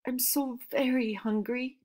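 A little boy begging quietly for something to eat, his voice small and high, as a woman reading a storybook puts him on. He speaks slowly and softly. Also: fairly even intonation. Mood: pleading. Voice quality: soft, pleading. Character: small hungry pleading boy.

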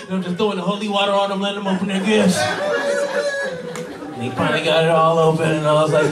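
A man doing a stand-up comedy set, telling profane, animated stories with exaggerated voices to a live audience. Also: high-pitched, quick pace. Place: cannabis club comedy show before a live audience. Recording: roomy live room, distant mic, crowd laughter.

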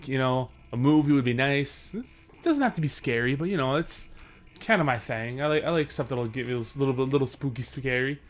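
A young man, commenting on a horror game he is playing, joking around and swearing when he gets scared. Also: mid-range voice. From Sudbury, Canada. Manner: jokey, swears, panics and yelps when scared. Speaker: let's play host.

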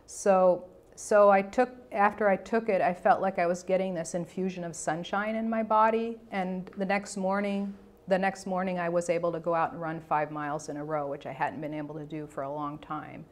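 Lowish-voiced woman telling a health story. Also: normal speed. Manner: animated storytelling with quoted dialogue and frequent restarts; conversational, self-correcting. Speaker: health educator. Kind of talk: personal story and health talk.

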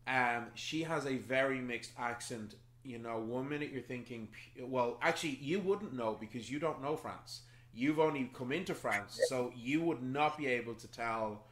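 Man, game master, chatty, explanatory, mid pitch, roomy echo. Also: normal speed, few pauses, fairly bright tone, slight background noise. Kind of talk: running a tabletop game.

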